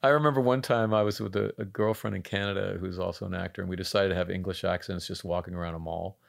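Gravelly deep-voiced actor guest. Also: male voice, fairly even intonation, quick pace. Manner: self-deprecating, rambling anecdotes. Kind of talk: casual interview conversation.

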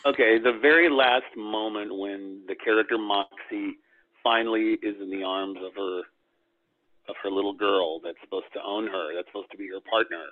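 Low-voiced man on a tinny phone line. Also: fairly even intonation, normal speed. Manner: hesitant, many ums, chuckles easily. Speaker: animation director, guest. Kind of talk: casual interview.

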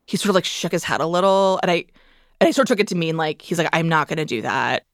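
Her voice on the low side, a fast-talking woman being interviewed about her memoir shares a painful chapter of her life in a candid, emotional way, filling her speech with "like." The sound is clean and studio-grade, with no echo.

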